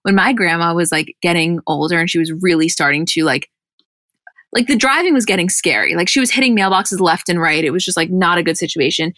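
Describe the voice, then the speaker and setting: A woman's voice: on the low side, a little fast, a bit bright, dry recording, studio quality. A woman co-hosting a casual recap podcast, chatty and rambling, acting out quotes and laughing often. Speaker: podcast co-host.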